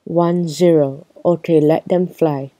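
A woman's voice: low voice, fairly even intonation, takes it slowly, dark tone, no room sound. A woman reading aloud as a know-it-all male snowman teacher who lectures and counts down. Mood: lecturing.

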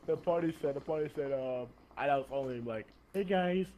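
A man's voice: mid-range voice, brisk, a crowd in the background. A young man streaming a game, chatting casually and telling rowdy, profane stories. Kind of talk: casual gaming chat. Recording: faint background noise.

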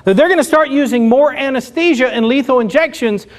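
A man's voice: very high-pitched, a little fast. A man doing a conversational stand-up comedy set, laughing at his own punchlines. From Oklahoma. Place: comedy club stage with live audience. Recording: live club recording with audience laughter.

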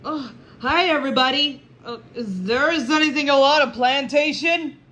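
A woman voicing a gentle young male dog with hiccups in a homemade puppet play, speaking in a slow, halting way. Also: high voice.

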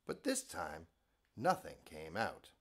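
Playful bedtime story guy, slow and gentle, voice swoops up and down a lot. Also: deep voice, huge pitch swings, slightly rough. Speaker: children's bedtime show host.

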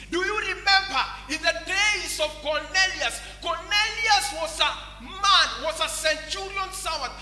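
Kenyan pastor preaching, high tense voice, echoey church hall, keeps saying praise lines. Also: male voice, sharp tone. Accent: Kenyan English. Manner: preaching with repeated praise refrains. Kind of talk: sermon.

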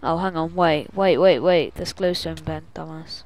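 A woman's voice: deep voice, fairly even intonation, moderate pace, darkish tone, rough recording. A woman playing a video game and acting as game master, reading a quest aloud with drama and yelping when things go wrong. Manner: reads dramatically, then yelps and complains.

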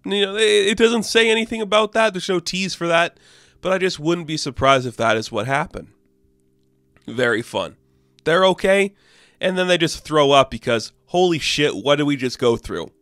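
A man casually recapping a comic book issue, loose and profane, with lots of "like" and quick offhand asides. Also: fairly high pitch, fairly bright tone, no room sound, studio quality. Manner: loose and profane, full of "like", acts out characters in passing.

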